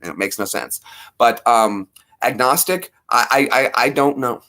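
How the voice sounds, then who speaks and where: A man's voice: mid-range voice, animated, measured pace, bright, forceful tone. A man in his thirties hosting a casual livestream, rambling playfully and talking to viewers by name. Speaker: livestream host.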